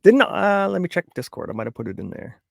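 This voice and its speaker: A man's voice: sits high, sing-song, fast talker, gravelly, no echo, clean studio sound. A man co-hosting a casual chat, arguing his point and cracking crude jokes. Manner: argumentative, crude joking. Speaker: co-host.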